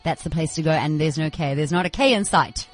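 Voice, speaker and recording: A woman's voice: low voice, brisk. A woman co-hosting a radio show, chatting playfully and laughing often. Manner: giggly, playful. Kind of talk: casual radio chat.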